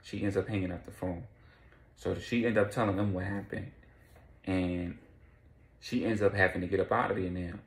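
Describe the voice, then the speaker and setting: Man, casual profane storytelling, gravelly voice, echoey room. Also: sits low, steady tone, moderate pace, pauses often. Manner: profane, repetitive, slangy.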